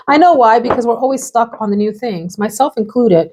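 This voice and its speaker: Brief: woman perfume vlogger, bubbly, chatty, quick laughs, casual to-camera talk at home. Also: on the high side, animated, a little mellow. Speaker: fragrance reviewer. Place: home room with perfume shelves behind.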